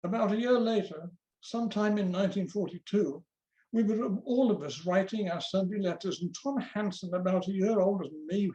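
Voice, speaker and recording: A guest reader reads a memoir aloud in an easy, conversational storytelling manner. The voice sits at a middle pitch. The room adds a noticeable echo. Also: dark tone, muffled recording. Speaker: guest reader at book launch.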